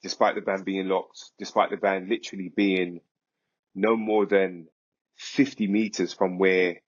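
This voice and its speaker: A man, a podcast guest, recounting a story in a vivid, animated way. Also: low voice, unhurried, lo-fi sound. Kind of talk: casual storytelling.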